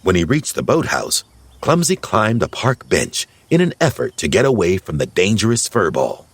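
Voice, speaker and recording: A man narrating an audiobook fairy tale in a measured storytelling voice. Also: deep voice, breathy edge, no echo. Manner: slow, lively storytelling.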